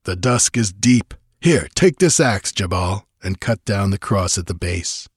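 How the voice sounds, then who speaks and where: A man voicing a ruthless male outlaw chief who speaks calmly and commandingly, in a storybook reading. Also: fairly low pitch, unhurried, breathy edge, no room sound, studio quality. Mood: hard, commanding. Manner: imperturbable, commanding.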